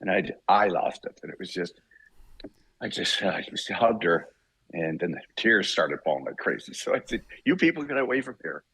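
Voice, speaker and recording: An older man with a very low, husky voice tells a story on a podcast. He talks in an emotional, halting way, with many restarts. The sound is close and dry. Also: sharp tone, no echo, rough recording. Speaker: voice actor guest.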